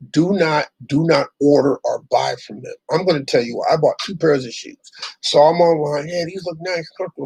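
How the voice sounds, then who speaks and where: A man's voice: fairly high pitch, gravelly, a little mellow, breathy edge, no room sound, low-quality recording. A middle-aged man hosting his own online show, ranting bluntly and profanely, rambling with restarts. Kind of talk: casual ranting monologue.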